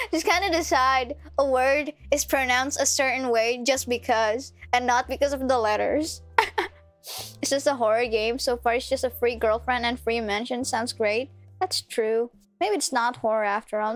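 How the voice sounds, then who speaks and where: A woman with a high, bright voice chats playfully with her viewers while playing a game. She giggles and trips over her words as she talks. Faint music plays behind her. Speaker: streamer. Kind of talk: casual game-stream chat.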